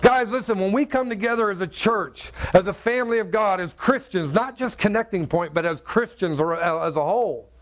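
A man's voice: sits high, moderate pace, hardly any pauses, fairly bright tone. A man preaching a sermon as pastor, talking in a conversational way, repeating words and asking his listeners to agree. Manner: conversational, repeats words, asks the crowd "right?".

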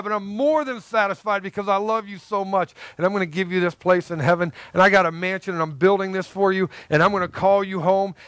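A man's voice: sits high, a bit bright, smooth, no echo. A man preaching a sermon in an earnest, conversational way, repeating phrases for emphasis. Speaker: pastor.

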